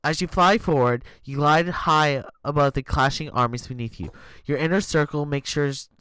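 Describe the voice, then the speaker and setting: A man streaming live, reading an interactive story aloud in an animated way and tripping over words. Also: on the high side, moderate pace, clear, resonant tone, no room sound.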